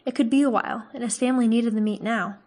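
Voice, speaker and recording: A woman narrating a fantasy novel aloud in a calm, measured way. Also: fairly high pitch. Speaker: audiobook reader.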